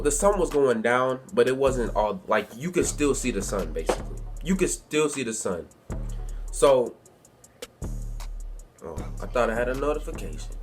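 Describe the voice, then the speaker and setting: Young guy rambling thru a story, lots of slang, mid pitch, bit of music in the back. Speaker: youtuber. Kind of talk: casual storytelling. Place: bedroom at home.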